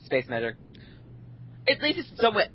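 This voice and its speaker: A man's voice: high voice, wildly swooping pitch, moderate pace, lo-fi sound, a little hiss or hum. A man co-hosting a casual gaming podcast, rambling and complaining animatedly. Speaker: podcast co-host.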